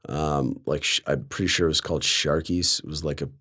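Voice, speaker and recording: Low-voiced young man from Colorado. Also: steady tone, fairly quick, sharp tone. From Colorado, USA. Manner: loose, sarcastic, heavy use of "like". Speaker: podcast guest. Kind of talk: casual storytelling.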